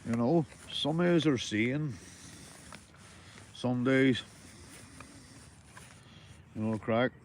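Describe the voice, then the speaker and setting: A man's voice: mid-range voice, drawn-out words, long pauses, a little hiss or hum. A Northern Irish man chatting casually to livestream viewers while fishing, easygoing and full of banter, swearing freely and calling everyone mate. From Northern Ireland. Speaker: livestreaming angler.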